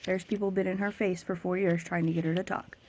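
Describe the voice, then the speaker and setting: A woman's voice: lowish voice, flat delivery, fast, darkish tone. A young woman venting in a casual vlog about remarks made to her as an autism parent, emphatic and exasperated, sometimes mimicking other people.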